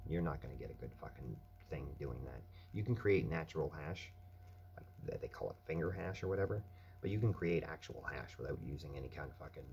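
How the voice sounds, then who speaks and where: A man's voice: a bass voice, vocal fry, darkish tone, slight background noise. A man ranting bluntly and with plenty of profanity in a casual monologue at his night-shift workplace. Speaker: vlogger. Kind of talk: casual rant.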